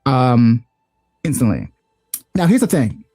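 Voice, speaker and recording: A man runs a tabletop game over a call, his voice mellow and warm. The sound is dry and close. He narrates haltingly, with frequent ums and restarts. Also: medium pitch, big pitch swings, no echo, faint music behind. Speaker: game master.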